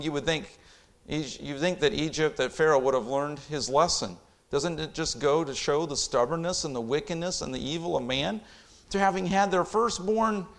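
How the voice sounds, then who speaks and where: A man preaching a sermon in a fairly high voice. He reads scripture aloud and swells into loud, impassioned emphasis on key lines. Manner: reads scripture in King James wording.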